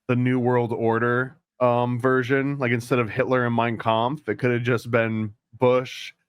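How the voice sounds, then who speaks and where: A man co-hosting a podcast, casually retelling and analyzing an old cartoon, rambling with quick asides. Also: mid-range voice, flat delivery, smooth, no echo, clean studio sound. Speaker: podcast co-host. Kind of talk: casual discussion.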